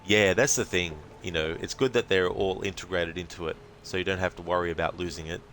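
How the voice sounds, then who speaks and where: A man with an Australian accent, streaming a game and chatting casually with viewers, relaxed and full of fillers. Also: low voice, fairly quick, slight background noise. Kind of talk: casual gaming commentary.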